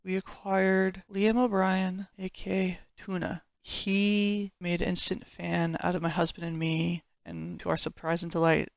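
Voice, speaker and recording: A woman's voice: on the low side, vocal fry, fairly bright tone, no echo, highs cut off. A woman who is a hockey fan vlogger, chatting enthusiastically and a bit rambly about players, often correcting herself. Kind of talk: casual fan commentary.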